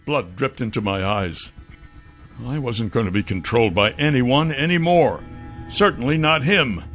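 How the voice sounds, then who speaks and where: A male narrator reads a first-person fantasy story in a dramatic, expressive way, taking his time. His tone is bright and clear at a middle pitch, and soft music plays under him. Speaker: audiobook narrator.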